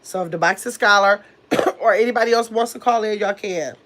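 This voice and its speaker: Woman livestream host, casual and chatty, a bit sick, mid-pitch voice, works the chat while fumbling with her phone. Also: a little fast, a bit bright. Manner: chatty, distracted, talks to the chat as "y'all". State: recovering from illness. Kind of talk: casual live chat reading comments.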